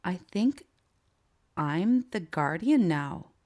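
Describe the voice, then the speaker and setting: A woman voicing a sweet young girl who speaks gently and softly. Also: on the low side, animated, drawn-out words. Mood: gentle. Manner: gentle, soft.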